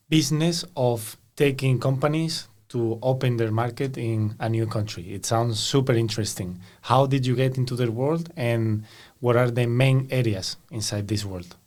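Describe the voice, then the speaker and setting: A man hosting a podcast. His voice sits in a middle pitch. He asks friendly, long, rambling questions. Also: darkish tone. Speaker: podcast host. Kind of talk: podcast interview.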